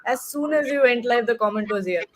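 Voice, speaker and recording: A woman hosting a live sports discussion show, with a voice that sits a little high. She talks chattily and fills gaps with "uh" and "you know". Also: expressive, a little fast. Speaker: host.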